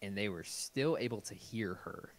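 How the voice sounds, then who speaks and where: A man co-hosting a casual podcast who jokes, wanders off topic and argues over trivia. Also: lowish voice. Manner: joking, digressive, quick to argue. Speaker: podcast co-host. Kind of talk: casual chat.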